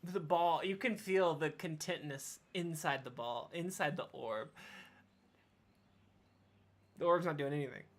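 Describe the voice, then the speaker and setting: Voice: mid-range voice, measured pace, long pauses. A game master narrating a tabletop game in a wry, playful way. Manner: wry, playful, laughs easily.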